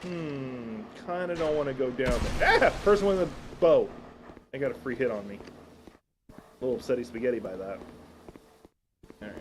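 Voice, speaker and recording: A man giving casual live commentary while streaming a game, excitable and self-mocking, swearing and shouting at enemies. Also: medium pitch, moderate pace, long pauses, background noise.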